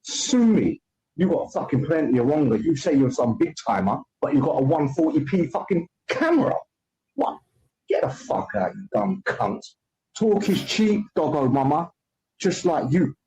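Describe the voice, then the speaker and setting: A man's voice: on the high side, animated, moderate pace, mellow, rough recording. A man hosting a livestream, ranting at a viewer in a taunting, abusive way and swearing heavily. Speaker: livestream host.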